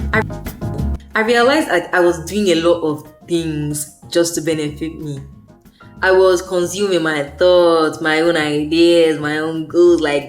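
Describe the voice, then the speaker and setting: A young woman rambles through a personal faith vlog in a loose, slangy way, circling back on her own words. Her voice sits a little low for a woman. Soft music plays faintly behind her. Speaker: faith vlogger. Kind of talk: casual faith vlog monologue.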